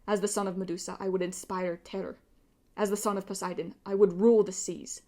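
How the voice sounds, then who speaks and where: A woman's voice: mid-range voice, normal speed, dark tone, natural voice. A woman reading an audiobook and voicing a bitter, arrogant male pirate villain who sneers and drops into hissing whispers. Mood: sneering.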